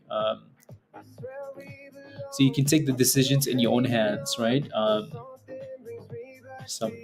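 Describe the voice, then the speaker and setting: A man hosting a live day-trading stream, talking loosely and chatting with viewers, with lots of fillers and "right?" tags. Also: mid-range voice. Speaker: day-trading livestream host. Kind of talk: casual live commentary reading chat.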